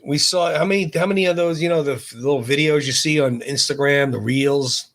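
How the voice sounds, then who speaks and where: Chatty podcast man, slightly high voice. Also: brisk, a bit bright. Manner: chatty, recounting references with amused asides. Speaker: podcast co-host. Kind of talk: casual chat.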